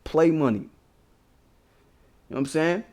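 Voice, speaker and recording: Young American male stream host, somewhat high voice, profane and emphatic, laughs with scorn. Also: a little slow, a little mellow. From United States. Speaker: livestream host. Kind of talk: casual political rant.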